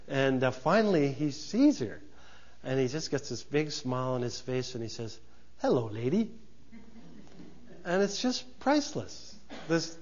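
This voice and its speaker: A man's voice: fairly high pitch, dull audio. A male pastor preaching a sermon in a conversational way, often repeating words and restarting phrases.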